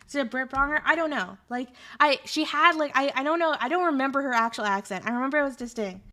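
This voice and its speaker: A woman streamer telling a story in a casual, animated, rambling way with lots of fillers. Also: sits high, fast, hardly any pauses.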